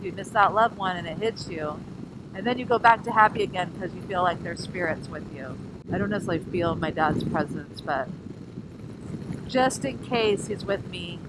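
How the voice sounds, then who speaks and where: Tired, playful woman vlogging on a ride. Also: lowish voice. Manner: playful, silly, jumps between jokes and emotion. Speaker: motorcycle rally vlogger. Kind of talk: casual rambling vlog. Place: riding outdoors on a scooter. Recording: loud wind noise.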